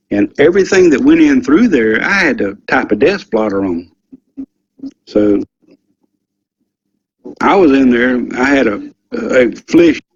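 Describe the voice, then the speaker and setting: A man's voice: mid-range voice, a little mellow, husky. An older man, telling a story in a rambling, folksy way with lots of ums and some swearing. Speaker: interview guest, former military security policeman. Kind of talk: casual storytelling recollection. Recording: dull lo-fi audio.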